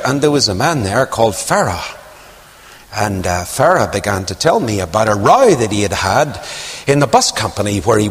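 Guy preaching, tells stories, voice leaps way up then drops quiet, big echoey hall. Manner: storytelling, swoops high for emphasis, hushes low for asides. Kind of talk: sermon. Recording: long hall reverb.

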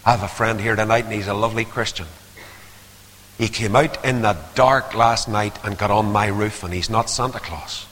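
An older man preaching a sermon, swinging from hushed asides to loud, rising appeals. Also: fairly low pitch, fairly even intonation, moderate pace, a little hiss or hum. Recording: long hall reverb.

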